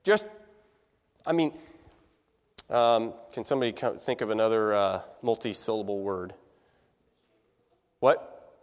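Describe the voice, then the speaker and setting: A man with a fairly low, expressive voice teaches music to a crowded room, speaking at a measured pace and pausing often. A long reverb tail follows his words, and his lecture stays conversational as he asks the room questions.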